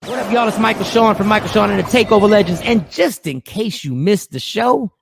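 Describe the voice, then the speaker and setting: A man hosting a radio talk show, with loud, rowdy banter and lots of laughing and shouting. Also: sits high, brisk, gravelly.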